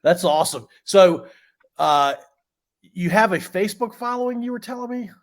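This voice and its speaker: A man's voice: sits high, animated, normal speed. A man hosting a podcast, asking short questions and laughing along with his guest in casual chat. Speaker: podcast host.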